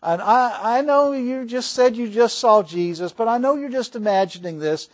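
A preacher playing patronizing disciples. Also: male voice, very high-pitched, normal speed, pitched above the performer's own voice. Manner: condescending, soothing. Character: patronizing male disciples soothing a friend.

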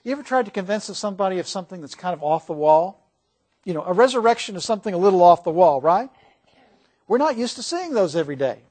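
Male preacher, high voice, animated sermon, asks the audience questions. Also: fast.

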